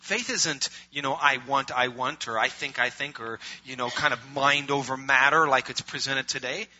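A middle-aged male pastor preaching a sermon, swinging from loud emphatic preaching to quiet conversational asides. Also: mid-range voice, moderate pace, slight background noise. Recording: muffled lo-fi recording.

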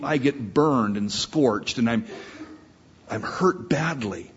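A man's voice: medium pitch, animated, slow, husky. A man preaching a sermon, telling a story with rising passion. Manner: storytelling, impassioned. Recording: dull lo-fi recording.

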